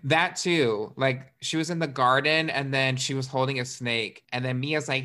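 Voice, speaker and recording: A woman's voice: extremely low pitch, fairly even intonation, moderate pace, hardly any pauses, fairly bright tone. A woman co-hosting a podcast, chatting casually and playfully acting out characters while recapping a film, with profane humor. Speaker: podcast co-host.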